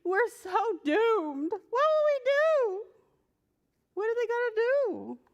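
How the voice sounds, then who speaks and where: A woman voicing the panicking king's men from a picture book in a high, frantic wail. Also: expressive, slow pace, fairly bright tone, muffled recording, exaggerated voice. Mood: panicked.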